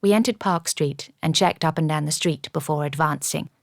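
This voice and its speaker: A woman with a low, gravelly voice reads a first-person audiobook in a measured, even way. The recording is dry and close, with no room sound. Her voice has a steady, grounded texture. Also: dry recording. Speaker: audiobook narrator.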